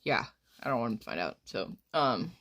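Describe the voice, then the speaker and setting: A woman's voice: extremely low pitch, very animated, a little fast, fairly bright tone. A woman in her twenties, a streamer rambling through crude stories in casual chat. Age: 20s.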